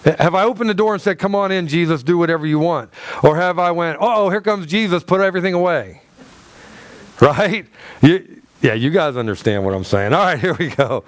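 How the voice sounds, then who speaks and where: A man's voice: on the high side, expressive, moderate pace, no room sound. A male pastor preaching a conversational sermon to his church, with asides, rhetorical questions and laughter. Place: church hall.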